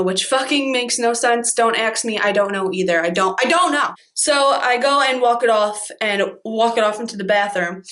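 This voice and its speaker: A woman's voice: mid-range voice, a bit bright. A young woman telling a dramatic, profane storytime vlog, laughing as she goes. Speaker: vlogger.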